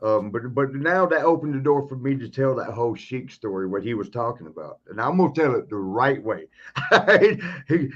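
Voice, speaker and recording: A man telling wrestling stories on a podcast, rambling and laughing often. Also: mid-range voice. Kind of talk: casual podcast storytelling. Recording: slightly muffled.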